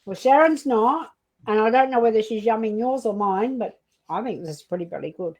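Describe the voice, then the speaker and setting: Aussie woman on a live cooking stream, fairly high voice, chatty, reads out comments. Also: brisk, darkish tone, low-quality recording. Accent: Australian. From Australia. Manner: chatty, reads out viewer comments, laughs easily. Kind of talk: casual live-stream chat.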